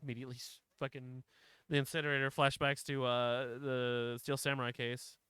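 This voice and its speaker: A man's voice: medium pitch, flat delivery, moderate pace, bright, forceful tone, slight background noise. A man streaming a story game, reading its text aloud with casual, swearing commentary.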